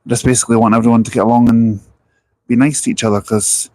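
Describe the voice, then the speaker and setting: A man's voice: medium pitch, flat delivery, fast talker, mellow, dry recording, low-quality recording. A man hosting a casual live vlog outdoors at a bus station, talking earnestly and chattily into a handheld mic. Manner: earnest, chatty, with frequent restarts. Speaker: vlogger. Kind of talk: casual live-stream chat. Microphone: handheld wireless mic.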